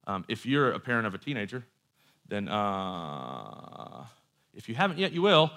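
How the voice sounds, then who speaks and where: A man's voice: on the low side, big pitch swings, slow, long pauses, pushed and bright. A man preaching a sermon in a conversational storytelling way, with asides and quoted voices.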